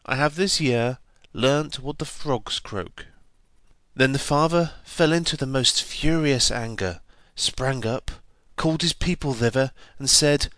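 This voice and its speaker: A man's voice: mid-range voice, lively intonation, no room sound. Man reading an old fairy tale. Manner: measured, old-fashioned fairy-tale narration with gently voiced dialogue. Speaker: narrator. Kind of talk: storybook reading.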